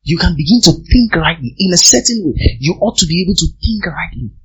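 Husky, animated male preacher. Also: sits high, a little fast, lo-fi sound. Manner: emphatic, repeats phrases for effect. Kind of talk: sermon.

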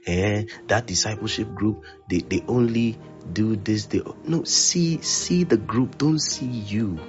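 A man preaching a sermon as pastor, repeating his phrases with force, then dropping to a hush. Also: lowish voice, unhurried, lo-fi sound, over music. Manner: emphatic preaching, repeats phrases, swings loud to hushed.

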